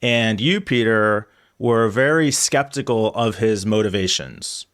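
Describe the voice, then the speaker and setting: A man's voice: lowish voice, a little slow, fairly bright tone, clear, resonant tone, no echo. A man co-hosting a casual tech podcast, walking through news stories with dry, teasing banter. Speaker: podcast co-host. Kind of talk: casual chat.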